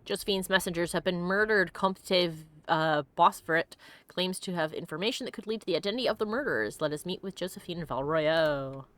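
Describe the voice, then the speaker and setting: A woman hosting a let's play, reading game text aloud and chatting casually, giggly and quick to put on silly voices. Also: lowish voice, fairly bright tone.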